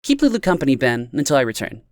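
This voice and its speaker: A woman's voice: extremely low pitch, sing-song, fast talker, no room sound, studio quality, voice pushed up. A man voicing a bubbly, tipsy young woman who teases and exclaims in an audiobook reading. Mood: teasing. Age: young adult. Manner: teasing, exclaiming.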